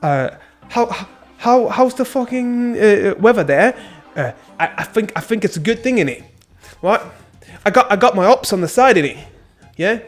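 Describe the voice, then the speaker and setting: A swaggering young British street guy, cocky and boastful, his voice pushed well above its usual pitch, as a man puts him on. He leans on slang and tacks a tag question onto nearly every line, with faint music playing underneath. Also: lively intonation, normal speed.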